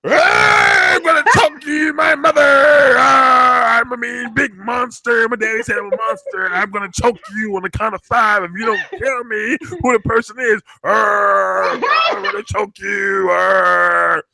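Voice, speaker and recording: A man's voice: animated, a little slow, gravelly, hardly any pauses, full character voice, poor audio. A man doing a shrieking hysterical woman. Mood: frenzied. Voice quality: shrill exaggerated shouting.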